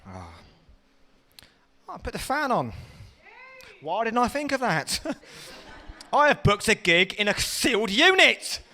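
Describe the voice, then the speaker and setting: A man's voice: high-pitched, huge pitch swings, slow, pauses often, pushed and bright, a little hiss or hum. English comic guy rambling thru his set, laughing at himself, voice all over the place. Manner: rambling, self-mocking, laughs often. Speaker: stand-up comedian. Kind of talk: stand-up comedy set. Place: small hot enclosed room.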